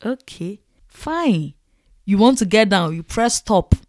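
A woman from Ghana with a Ghanaian English accent, telling animated, exclamatory stories to the camera and acting out her own past reactions. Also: medium pitch, takes it slowly, no echo, studio quality. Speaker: vlogger. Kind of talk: casual storytelling to camera.

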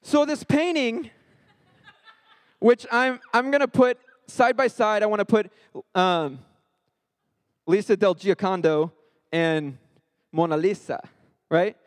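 A man's voice: sits high, unhurried, long pauses, in a large hall. A man leading a Bible study in a conversational way, often checking in with his listeners. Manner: conversational, keeps checking in with "right?". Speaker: Bible teacher.

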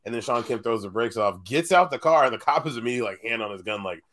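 A man's voice: medium pitch, lively intonation, fast talker, fairly bright tone. A man on a casual podcast, telling stories and laughing often. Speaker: podcast co-host. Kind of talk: casual chat.

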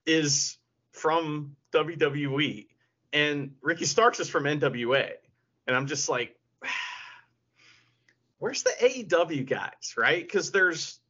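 A man's voice: a little high, bright, forceful tone. A man co-hosting a podcast, telling stories in casual chat, laughing often and swearing freely. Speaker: podcast co-host. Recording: lo-fi podcast audio.

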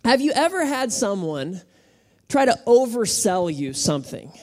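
Animated woman preaching a sermon. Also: on the high side, unhurried. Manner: animated, playful, calls the congregation to respond. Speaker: pastor. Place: church auditorium with congregation.

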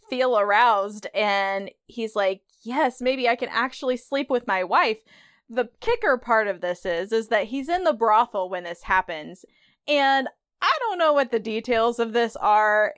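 A woman's voice: mid-range voice, clean tone, no echo, clean studio sound. A woman podcast host giving a chatty, conversational recap of a TV episode.

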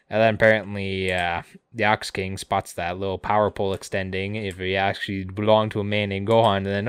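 A man casually recapping cartoon episodes on a podcast, tossing in quick put-on quotes of the characters. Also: lowish voice, little pitch movement, clean tone, no room sound. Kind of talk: casual chat.

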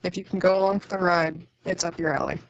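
A woman co-hosting a casual movie podcast, relaxed and a little hesitant. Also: lowish voice, quick pace, vocal fry, no echo, lo-fi sound. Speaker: podcast co-host. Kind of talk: casual movie-review chat.

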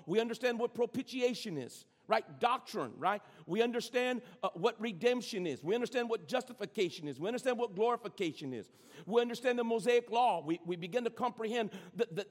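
A man preaching a sermon as pastor of a church, often repeating words as he starts a phrase. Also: very high voice. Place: large church sanctuary. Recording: long hall reverb.

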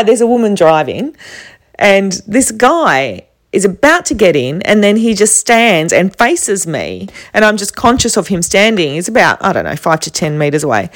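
A woman from Australia with an Australian accent, telling a rambling travel story to camera with many fillers. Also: mid-range voice. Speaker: travel vlogger.

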